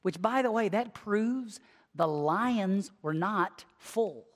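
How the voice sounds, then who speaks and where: A preacher delivering a conversational sermon, emphatic, swinging from lively to hushed. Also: medium pitch, slow. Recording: long hall reverb.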